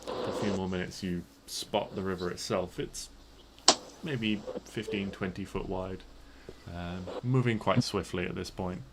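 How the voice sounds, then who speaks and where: A man acting as game master, describing the scene in a relaxed, rambling way with frequent fillers. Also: low voice, measured pace, very noisy. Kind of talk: narrating a tabletop game.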